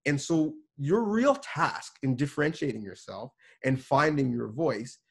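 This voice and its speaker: A man's voice: mid-range voice, expressive, unhurried, creaky, breathy edge. A man, a sports reporter and producer, giving earnest, emphatic advice to students over a video call, with frequent restarts.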